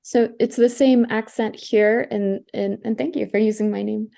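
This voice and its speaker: A woman's voice: fairly high pitch, steady tone, normal speed, vocal fry, warm tone. A woman participating in a workshop, thinking aloud and checking her understanding as she asks questions.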